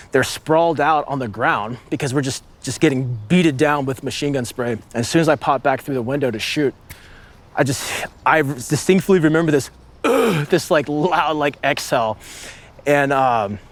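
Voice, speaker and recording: A man in his late thirties, a former marine sniper, telling a story in casual conversation, rambling with lots of "like" and acting out shouts. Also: mid-range voice. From United States. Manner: rambling, with many "like" fillers and vivid acted-out shouts.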